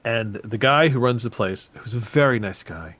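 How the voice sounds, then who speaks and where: A man co-hosting a podcast in casual chat, animated and swearing freely, his voice jumping up when excited. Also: mid-range voice, moderate pace. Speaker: podcast co-host.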